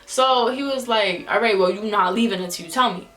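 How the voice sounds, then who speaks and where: A woman's voice: mid-range voice, brisk. Young woman telling a slangy storytime. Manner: animated, slangy, acts out quotes in different voices. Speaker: vlogger. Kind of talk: storytime vlog.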